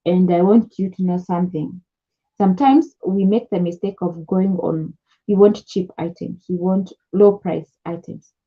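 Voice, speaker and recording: A young Kenyan woman talks through business tips in a casual, repetitive coaching style, moving between English and Swahili. Her voice is a little husky. The recording sounds dull and lo-fi. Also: medium pitch. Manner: chatty, repeats key points, mixes English with Swahili. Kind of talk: casual advice talk to camera.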